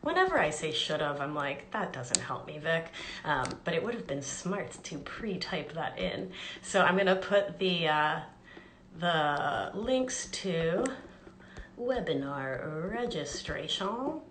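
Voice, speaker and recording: A woman's voice: low voice, animated, slow, a bit bright. Chatty upbeat woman coaching on a live stream. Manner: chatty, upbeat, self-deprecating asides. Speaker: life coach and podcast host. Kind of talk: casual live-stream teaching. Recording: echoey room with faint background noise.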